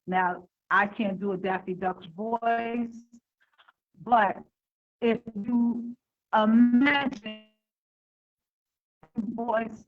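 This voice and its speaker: A woman's voice: a little high, steady tone, extremely slow, long pauses, lo-fi sound, soft background music. A woman giving an unscripted talk on handling fear, hesitant and full of fillers and restarts, heard over an online call. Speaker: speaker on overcoming fear.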